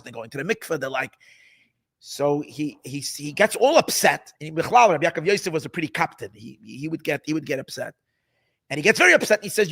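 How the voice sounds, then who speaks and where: Animated high-voiced rabbi telling stories. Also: male voice, gravelly. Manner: animated storyteller acting out dialogue, many repeated words. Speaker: rabbi teaching Hasidic stories. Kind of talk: storytelling class.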